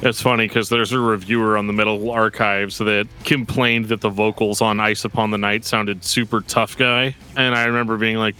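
A man's voice: lowish voice, steady tone, normal speed, sharp tone, soft background music. A man hosting a podcast, talking casually about metal records in a rambling way with lots of fillers. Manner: laid-back, rambling with frequent fillers and laughs. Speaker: podcast host.

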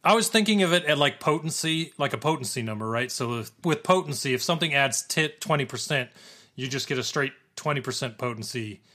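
Bright-voiced man explaining game stats. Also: medium pitch, expressive, brisk. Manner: chatty, explaining with restarts. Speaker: podcast co-host. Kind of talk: casual gaming podcast chat.

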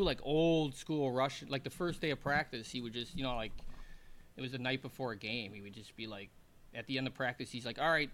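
A man's voice: mid-range voice, a little hiss or hum. A man, a former hockey player and guest, telling rambling, laughing anecdotes in a casual chat. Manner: rambling, laughing, animated anecdotes with put-on quotes.

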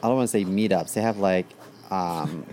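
A man's voice: low-pitched, moderate pace, a little mellow, slight background noise. Chatty young man, filler-heavy podcast co-host. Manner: chatty, filler-heavy, laughs while talking. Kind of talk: casual comedy chat.

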